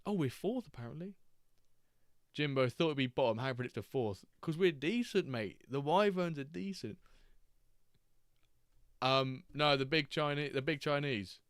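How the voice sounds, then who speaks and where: A man's voice: on the high side, animated, measured pace, pauses often, no echo, studio quality. A man hosting a live stream, chatting casually and joking as he reacts to chat and the games.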